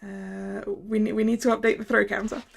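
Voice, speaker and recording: A woman's voice: fairly high pitch, gravelly, darkish tone, breathy edge. A woman streamer chatting casually over a game, stumbling over words and giggling. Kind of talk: casual gameplay commentary.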